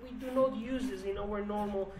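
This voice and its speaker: A woman's voice: medium pitch, steady tone, normal speed, a crowd in the background. Woman teacher with a Kurdish accent. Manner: explanatory, with many restarts and fillers. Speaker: language teacher. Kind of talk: language lesson. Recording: roomy with faint background noise.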